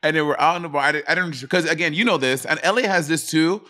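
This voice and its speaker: A young adult man co-hosting a podcast, telling stories casually and with animation. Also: quick pace. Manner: animated storytelling, jumps into high voice for quoted panic. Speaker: podcast co-host. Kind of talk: casual chat.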